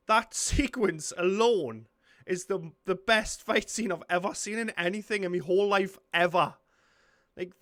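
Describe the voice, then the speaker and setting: A young Geordie man talks through a film he is watching, blurting out shocked swearing. His voice sits a little high with a bright, forward edge. The sound is close and dry. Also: dry recording. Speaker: reaction video host. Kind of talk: casual film reaction commentary.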